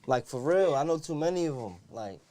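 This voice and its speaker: A man's voice: on the high side, lively intonation, fairly quick, mellow, slight background noise. Emphatic man, casual chat. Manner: emphatic, repeats "you know what I'm saying".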